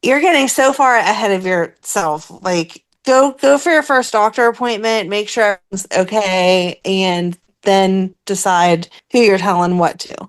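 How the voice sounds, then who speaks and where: A woman co-hosting a podcast in casual chat, animated and laughing often, acting out lines she quotes. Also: medium pitch, normal speed, hardly any pauses. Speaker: podcast co-host.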